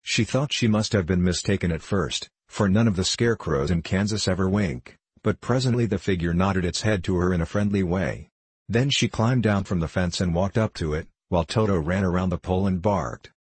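A man reading a storybook aloud in a calm, even narrating manner. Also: low-pitched, brisk, slightly rough, no room sound. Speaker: audiobook narrator.

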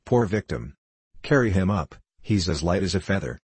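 A man's voice: low-pitched, animated, normal speed, a little mellow, breathy edge, no room sound, exaggerated voice. A man reading the part of a jovial, mocking old father who loves a joke at his son's expense. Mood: teasing. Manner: boisterous, mocking.

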